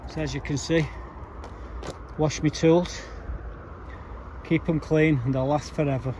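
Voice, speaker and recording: A man's voice: fairly high pitch, fairly even intonation, unhurried. Chatty man at his allotment. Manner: chatty, rambling, dry grumbling asides. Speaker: allotment vlogger. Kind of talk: casual chat to camera. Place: outdoor allotment garden. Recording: faint background noise outdoors. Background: faint outdoor ambience.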